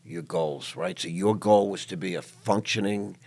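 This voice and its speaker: A man's voice: low-pitched, moderate pace, a little mellow. An older man hosting an interview in a studio, emphatic and prone to repeating himself as he tells personal stories. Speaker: podcast host. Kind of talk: emotional interview chat.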